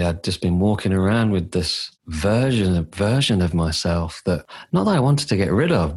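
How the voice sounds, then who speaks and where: Low husky-voiced man. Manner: candid, emotional, self-deprecating. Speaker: coach. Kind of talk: reflective conversational storytelling.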